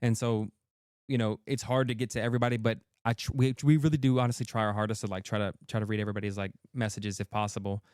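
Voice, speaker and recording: A man's voice: fairly low pitch, flat delivery, darkish tone, clean tone, no room sound, clean studio sound. A man, a content creator guest, talking earnestly in a casual interview with many restarts. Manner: quick, earnest, full of restarts.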